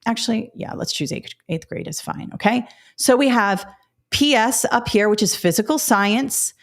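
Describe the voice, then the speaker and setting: A woman's voice: a little high, lively intonation, normal speed, creaky. Chatty woman hosting a teaching webinar. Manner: chatty, direct, many fillers and asides. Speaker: education webinar host.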